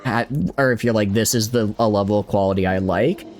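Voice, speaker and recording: A young man from the Southeastern United States speaks in a lowish, steady voice, a little fast, with a Southern accent. Streaming a strategy game, he chats casually, rambling and correcting himself while answering chat, over slight background noise.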